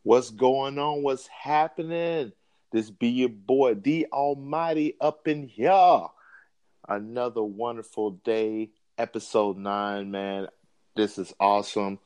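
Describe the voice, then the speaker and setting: A man's voice: medium pitch, takes it slowly, darkish tone, smooth. A man co-hosting a sports podcast, playfully teasing and laughing often. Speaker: podcast co-host. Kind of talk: casual sports banter.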